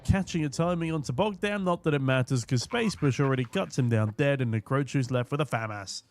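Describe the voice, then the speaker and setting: A hoarse young man casting an esports match from a booth, with quick, joking play-by-play. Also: mid-range voice. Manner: quick, jokey, punning play-by-play. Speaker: esports caster. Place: casting booth at a live event.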